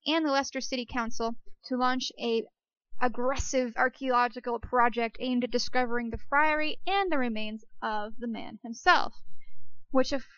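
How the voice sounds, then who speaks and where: A woman's voice: a little high, moderate pace, fairly bright tone, clean tone, no echo, dull audio. A woman hosting an archaeology show, talking casually and joking between facts. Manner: chatty and jokey, self-deprecating asides. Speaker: podcast host. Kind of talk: casual educational monologue.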